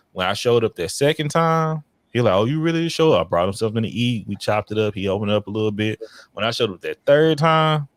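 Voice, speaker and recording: A man casually telling stories as a podcast guest about his child welfare work, in an animated, slangy way. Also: dry recording. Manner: animated, slangy, breaks into high excited quoted voices. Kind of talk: casual storytelling chat.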